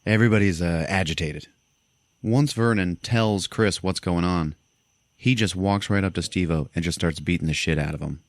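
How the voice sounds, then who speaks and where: A man with a deep, low voice hosts a casual podcast and retells a film's plot with relish. He swears freely and jumps into the characters' lines as he goes. The sound is dry and close, with no room behind it. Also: moderate pace, dry recording. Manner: animated, profane retelling, acting out lines. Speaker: podcast host. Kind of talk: casual movie recap.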